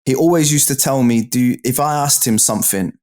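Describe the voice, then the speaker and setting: A man's voice: medium pitch, a little fast, a little mellow. Slangy British man telling stories. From United Kingdom. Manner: slang-heavy, repeats "do you know what I mean". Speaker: guest. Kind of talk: casual storytelling in interview.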